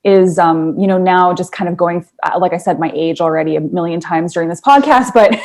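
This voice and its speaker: A woman co-hosting a podcast, speaking in an expressive, confiding way and laughing easily during a casual chat. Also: lowish voice, brisk. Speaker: podcast co-host.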